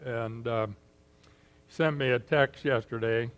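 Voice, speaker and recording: A man preaching a sermon in an unhurried, folksy way, pausing often with fillers and clearing his throat. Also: mid-range voice, steady tone. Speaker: pastor.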